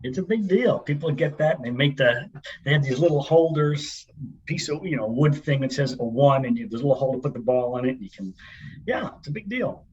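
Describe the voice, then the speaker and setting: A man's voice: medium pitch, animated, a little fast, darkish tone, muffled recording. A middle-aged man co-hosting a podcast from an office conference room, chatty and joking in casual chat. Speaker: podcast co-host. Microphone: laptop mic.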